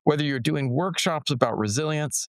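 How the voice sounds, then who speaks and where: A man's voice: fairly high pitch, normal speed, dry recording. A man hosting a podcast, telling stories casually with frequent laughs and lots of filler "like". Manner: animated storyteller, laughs often, lots of "like". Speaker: podcast host.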